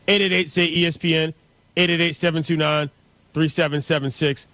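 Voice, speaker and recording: High-voiced, opinionated radio host. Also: male voice, steady tone, bright, forceful tone, dry recording. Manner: brisk, opinionated. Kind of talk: sports talk radio.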